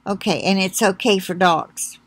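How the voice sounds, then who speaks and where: A woman's voice: medium pitch, fairly even intonation, husky, dry recording. A woman in a casual home vlog, chatting and then reading a long recall list aloud. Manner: chatty, talks to her dog, reads slowly.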